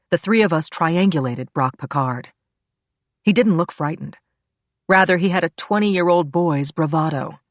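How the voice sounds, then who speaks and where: A woman reading a thriller audiobook aloud in a steady, even storytelling manner. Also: low-pitched, dry recording. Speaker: audiobook narrator. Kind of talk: scripted narration.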